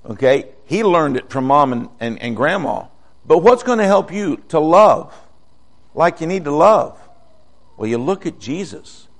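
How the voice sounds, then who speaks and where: A man's voice: fairly high pitch, big pitch swings, measured pace. An older man preaching a folksy, conversational sermon, asking the congregation questions.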